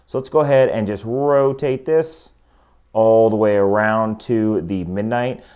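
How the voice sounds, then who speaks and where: A man talking casually through a watch review, explaining each step and getting more excited as he goes. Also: fairly low pitch, a little slow, clean tone. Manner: chatty, enthusiastic, explains step by step.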